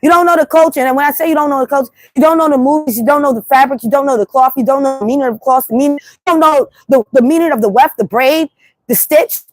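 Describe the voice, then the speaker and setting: Blunt, high-voiced New York woman ranting. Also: fast. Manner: animated, blunt, repetitive storytelling. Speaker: livestream host. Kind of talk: casual livestream monologue. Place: city street at night.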